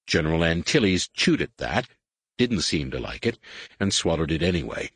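A man narrating an audiobook with expressive storytelling. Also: deep voice, normal speed, slightly rough, dry recording. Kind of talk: scripted narration.

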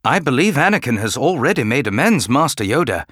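A man voicing a troubled warrior-monk weighed down by grief and guilt, speaking in a respectful, restrained, quietly pleading way. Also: mid-range voice, big pitch swings, fairly quick, no room sound, studio quality, pitched above the performer's own voice.

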